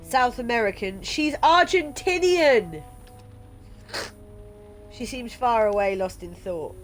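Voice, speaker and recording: A woman's voice: fairly high pitch, lively intonation, slow, faint music behind. A woman streaming a game playthrough, reading its text aloud and chatting casually, swearing now and then.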